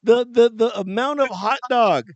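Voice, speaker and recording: A man co-hosting a podcast in casual chat, often laughing and acting out lively quotes as he tells stories. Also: very high voice, moderate pace, no echo, highs cut off. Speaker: podcast co-host.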